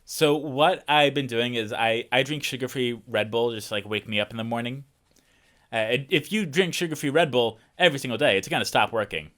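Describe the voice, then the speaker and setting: A young man playing a game and chatting in a rambling, animated way, full of fillers. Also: medium pitch, fairly quick. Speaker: let's player. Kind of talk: casual chat over gameplay. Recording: voice over game music. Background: game music.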